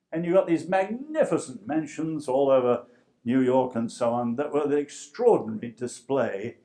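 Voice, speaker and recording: A man with an English accent giving a public lecture, emphatic and full of dramatic pauses. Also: fairly high pitch, a little mellow.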